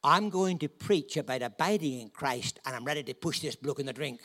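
A man preaching a storytelling sermon, humorous and animated, often laughing and swinging from hushed to loud. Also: medium pitch, brisk. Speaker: guest preacher.

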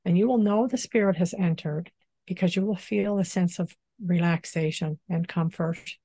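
A woman with a low, mellow voice explains spiritual practice in a gentle, unhurried way. She pauses often and leans on "you know" as she talks, recorded dry and close. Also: no room sound. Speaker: spiritual teacher and channeler. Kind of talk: calm spiritual interview talk.

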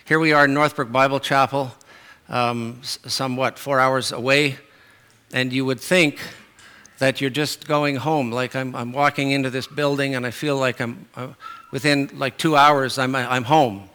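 A middle-aged man delivers a sermon in a loose, conversational way, often pausing on fillers and restarting his sentences. His voice is bright, and his pitch sits in an ordinary middle range. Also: steady tone, smooth. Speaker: preacher.

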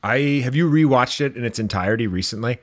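A man's voice: medium pitch, animated, fast talker, no echo. A man co-hosting a casual movie podcast from a home studio, sarcastic and self-deprecating, swearing freely. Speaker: podcast co-host. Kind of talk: casual chat about movies.

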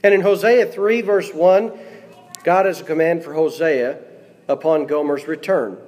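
A man's voice: on the high side, a little slow, a little mellow. A man preaching a sermon in a church, reading scripture aloud and putting questions to the congregation. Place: church sanctuary. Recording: long hall reverb.

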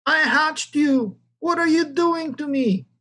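A lecturer reading aloud and voicing a frightened mother hen with a shrill, pleading squawk in a fable. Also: takes it slowly, pushed and bright, heavily acted.

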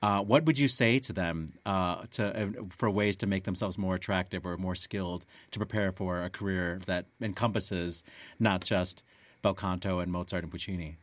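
A man's voice: deep voice, steady tone, moderate pace, no echo. A man hosting an interview, asking questions eagerly with hesitant fillers. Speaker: host.

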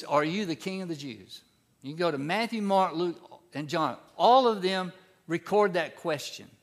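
A man preaching a sermon as pastor, reading scripture and then explaining it in a conversational teaching way, his voice climbing in pitch and volume for emphasis.

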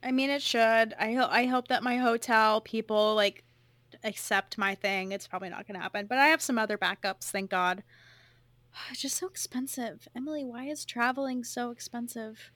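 A woman with a Californian accent co-hosting a podcast, chatting in a bubbly, expressive way and swearing freely. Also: a little high, moderate pace, no echo. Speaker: podcast co-host. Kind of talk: casual podcast chat.

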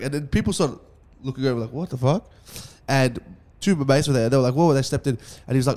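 Fast-talking young man spinning a story. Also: mid-range voice, darkish tone. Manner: fast, swearing, acts out dialogue. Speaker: podcast host telling a story. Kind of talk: casual storytelling chat.

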